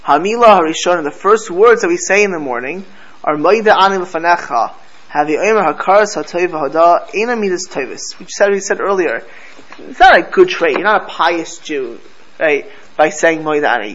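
A man's voice: high voice, fairly bright tone, highs cut off. A man teaching a casual religious class to a live group, chatty, often asking his listeners "right?" and weaving prayer phrases into his talk.

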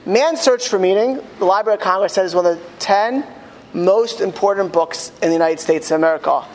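A man telling a story to an audience with halting restarts, his voice rising to high cries in quoted lines. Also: slight background noise. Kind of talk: impassioned storytelling talk. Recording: long hall reverb, faint ambience.

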